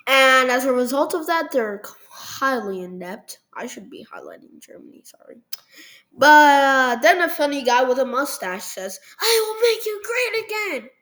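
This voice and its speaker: A woman's voice: sits high, animated, moderate pace, a bit bright, low-quality recording. A woman narrating a history map video at her computer in a loose, jokey way, full of ums and "they were like". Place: at a computer, recording over a screen.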